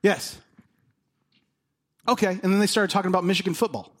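A man's voice: high voice, racing. A man in his thirties preaching a sermon, telling personal stories and acting out the dialogue in them. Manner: animated storytelling, acts out dialogue. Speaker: pastor.

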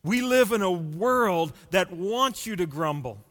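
A man preaching a sermon as pastor, deliberate and building long runs of rhetorical questions. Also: high-pitched, expressive, fairly bright tone, long reverb tail.

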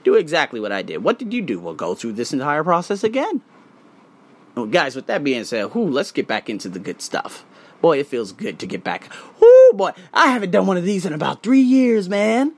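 Man, podcast host, solo rant, very animated pitch, blunt, swearing, emphatic. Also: fairly quick. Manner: blunt, profane, emphatic ranting; hype, swinging between loud and low asides.

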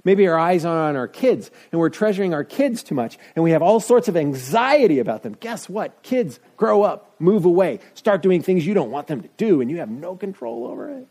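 A man's voice: fairly quick, hardly any pauses. A middle-aged man preaching a sermon in a conversational, self-deprecating way. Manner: conversational, self-deprecating, lively shifts of pitch. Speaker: pastor.

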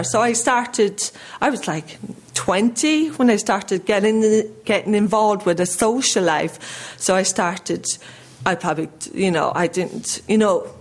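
Irish woman, 30s, earnest church testimony, conversational, voice slightly shaky. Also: medium pitch. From Ireland. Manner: earnest, conversational, with many restarts. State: voice shaky with emotion. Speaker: church member giving testimony.

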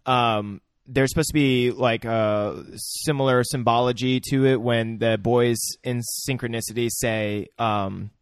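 A man's voice: mid-range voice, unhurried, few pauses, clear, resonant tone, no room sound. Laid-back young man, dry close sound. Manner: relaxed, chimes in with short agreements and swearing. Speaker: podcast co-host. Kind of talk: casual movie recap chat. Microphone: remote call mic, dry sound.

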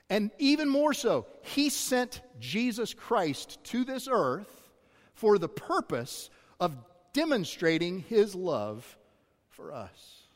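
Lively male pastor in a reverberant hall. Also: sits high. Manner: conversational, self-deprecating asides to the congregation. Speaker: executive pastor. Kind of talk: sermon. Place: church auditorium.

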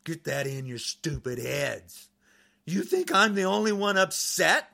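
A podcaster with a fairly high, creaky voice and lively intonation delivers an angry political rant to camera at a slightly slow pace. He's furious and agitated, repetitively shouting insults.

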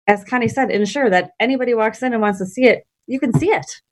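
A woman's voice: on the high side, fast. Friendly woman podcast host. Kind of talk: interview and show outro.

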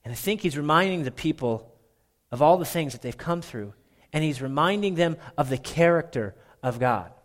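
Pastor, man from Minnesota, animated and self-deprecating, slightly high voice. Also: moderate pace. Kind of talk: sermon.

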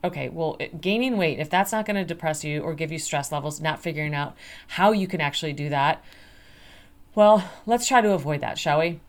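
A woman's voice: low-pitched, fairly quick. A middle-aged woman hosting a podcast on health, talking casually and acting out panicked inner voices. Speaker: podcast host.

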